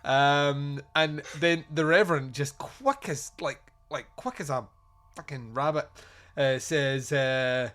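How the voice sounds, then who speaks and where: A man's voice: fairly high pitch, takes it slowly, fairly bright tone, soft background music. Rambling, joking man hosting a podcast. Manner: rambling, joking, many fillers. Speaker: podcast host. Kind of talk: casual film review chat.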